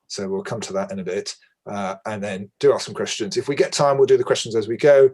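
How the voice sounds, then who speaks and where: A man chairing a webinar in a chatty, relaxed way with lots of fillers, on a video call. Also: lowish voice, quick pace. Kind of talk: casual webinar hosting.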